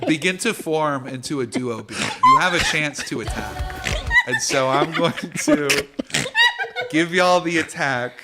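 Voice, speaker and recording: A man's voice: on the high side, huge pitch swings, unhurried, over loud music. A man narrating as game master for a tabletop game stream, playful and theatrical, with many fillers.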